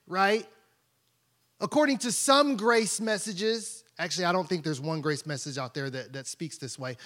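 A pastor with a notably high voice gives a loose, conversational sermon. He jokes and keeps asking the room if they follow him. His high register stands out even in casual talk. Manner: conversational, playful, asks the congregation questions.

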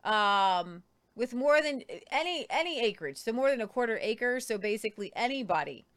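A woman's voice: on the high side, lively intonation, moderate pace, fairly bright tone. A woman co-hosting a talk show, reading news articles aloud and commenting on them, with frequent ums and restarts. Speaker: co-host.

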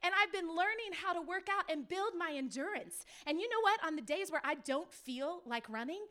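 Very high-voiced woman pastor preaching. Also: normal speed. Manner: lively storytelling, acts out quoted people; speaks to the audience directly with questions. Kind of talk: sermon.

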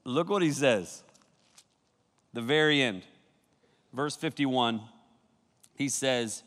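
A man's voice: fairly high pitch, unhurried, long pauses, a bit bright. A youth pastor giving a joking, playful sermon in a church hall, often laughing and acting out his listeners' reactions. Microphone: filmed by a camera crew.

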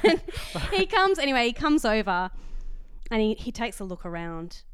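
An Australian woman co-hosting a casual podcast, telling a story with energy and acting out what other people said. Her voice is smooth and resonant, and the sound is dry and close. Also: a little high, moderate pace, dry recording. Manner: animated storyteller who acts out quoted dialogue. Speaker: podcast co-host. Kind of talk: casual chat.

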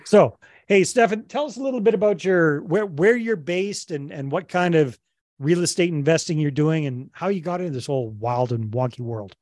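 A man's voice: a little high, moderate pace, darkish tone, no echo, clean studio sound. A man hosting a podcast interview in casual, upbeat chat, joking at his own expense. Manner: upbeat, self-deprecating, jokey. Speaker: podcast host.

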